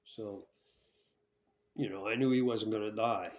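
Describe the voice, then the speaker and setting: Blunt, profane man telling a rough story. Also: lowish voice, fairly even intonation, unhurried, highs cut off. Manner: blunt and profane, with rambling restarts; checks in with tag questions. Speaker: former prisoner telling his story. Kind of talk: candid storytelling.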